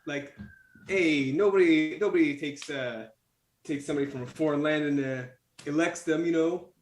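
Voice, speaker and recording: A man's voice: on the high side, fairly even intonation, normal speed, roomy sound, a little hiss or hum. A man, a guest artist, chatting casually, laughing often and stopping to restart his sentences. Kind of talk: casual chat.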